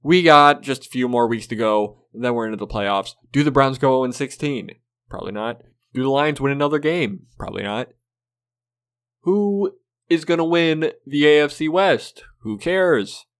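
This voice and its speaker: At normal speed and medium pitch, with a slightly bright voice, a man hosts his football game predictions video. His tone is casual, blunt and profane, and he sounds fed up.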